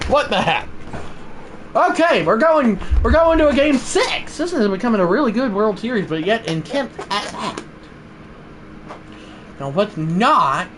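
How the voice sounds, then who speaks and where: Excitable young man streaming a game. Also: a little high, noisy background. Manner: excitable, swinging from loud shouts to muttering. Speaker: livestreamer. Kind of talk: live gameplay commentary.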